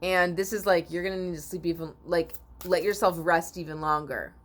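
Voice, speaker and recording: Brisk and steady in tone, with a fairly low pitch, this woman reads oracle cards for her viewers on a spiritual theme. She yawns sleepily and rambles, repeating and restarting herself and clearing her throat often.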